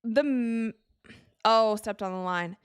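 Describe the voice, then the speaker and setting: A young woman from Wisconsin hosting a live game watch party, chatting casually and reacting excitedly to plays as she talks. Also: fairly high pitch, slow, clear, resonant tone, no room sound, studio quality. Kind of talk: live casual commentary to chat.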